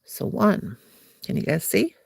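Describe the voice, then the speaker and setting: A woman's voice: unhurried, no room sound, studio quality. A woman hosting a crochet livestream from home, chatting playfully and slipping into sing-song as she works. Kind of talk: casual livestream chat while crocheting.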